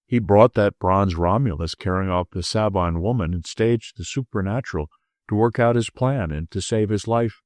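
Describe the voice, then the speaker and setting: A languid, ironical English gentleman sleuth speaks in a slow, emotionless Oxford drawl, as a male narrator puts him on. The voice sits fairly low and is recorded dry and close, like a storybook reading. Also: dry recording, lightly acted.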